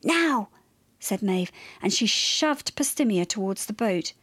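A woman narrating a children's story in a lively, expressive way. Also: mid-range voice, unhurried, no room sound.

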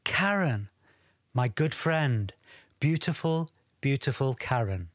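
A man's voice: medium pitch, expressive, a little slow, no echo, clean studio sound. A man narrating a first-person story, wry and reflective.

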